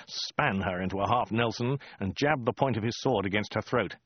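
A man narrating a comic story in a dry, deadpan way. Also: lowish voice, moderate pace, hardly any pauses, husky, dry recording, muffled recording. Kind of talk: audiobook reading.

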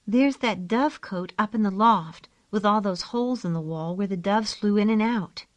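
A woman voicing a gentle, earnest young girl in a storybook reading, with a soft high coaxing voice. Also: moderate pace, no room sound, close to an everyday voice. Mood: hopeful.

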